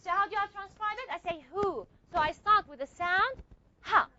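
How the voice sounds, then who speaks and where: A woman's voice: very high voice, moderate pace, pushed and bright, dull audio, a little hiss or hum. A woman lecturing a class on phonetics, repeating her points and checking that students follow with frequent questions. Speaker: phonetics teacher.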